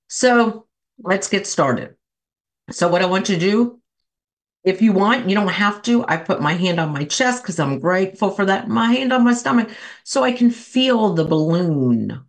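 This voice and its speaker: Loud, encouraging woman host. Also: lowish voice. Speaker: host and life coach. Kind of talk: guiding a breathing exercise.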